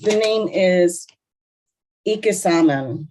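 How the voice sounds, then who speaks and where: Woman co-host for a casual podcast chat, slow and easygoing, slightly low pitch. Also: animated, a little mellow, a little hiss or hum, low-quality recording. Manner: chatty, heavy use of "like", eating cookies while talking.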